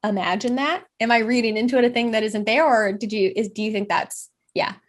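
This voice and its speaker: A woman's voice: on the high side, brisk. A woman co-hosting a casual reaction chat, thinking aloud in long, rambling sentences that trail off. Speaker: co-host.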